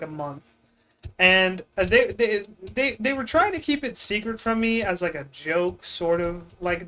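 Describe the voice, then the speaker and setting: A man telling a long story on stream in a casual, rambling way, full of fillers and restarts, with deadpan mock boasting about himself. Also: sits high, poor audio. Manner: rambling, self-mocking, with lots of fillers and restarts.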